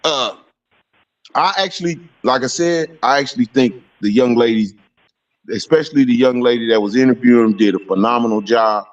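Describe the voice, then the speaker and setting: This is a man calling in to a talk show with a mid-pitched voice. He lays out his views steadily and swears freely. The line sounds muffled and distant. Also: fairly quick. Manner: steady, opinionated, profane. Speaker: caller. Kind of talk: call-in opinion.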